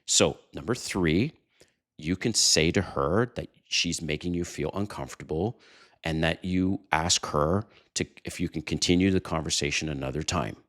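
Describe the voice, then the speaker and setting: Deep-voiced man giving dating advice. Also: normal speed. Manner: animated storytelling, chuckles, addresses viewers directly. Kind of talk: casual advice monologue to camera.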